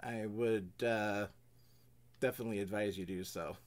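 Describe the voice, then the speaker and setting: A man's voice: fairly low pitch, fairly even intonation, moderate pace. A man in a tabletop role-play, talking persuasively and casually, swearing freely. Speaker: player.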